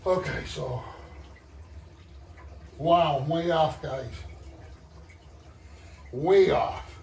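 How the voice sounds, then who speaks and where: A man vlogging his hobby build, out of breath, talking to viewers in halting, trailing commentary as he works. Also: a little high, vocal fry, darkish tone, far from the mic. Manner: halting, muttering to himself, trailing off. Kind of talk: casual running commentary while working. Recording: roomy, off-mic, faint background noise.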